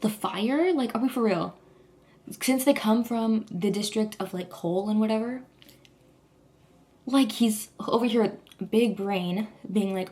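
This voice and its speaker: A woman's voice: mid-range voice, unhurried, mellow. A young woman vlogger rambling in a casual, gushing chat, full of "like" and restarts. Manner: gushing, rambling, heavy use of "like".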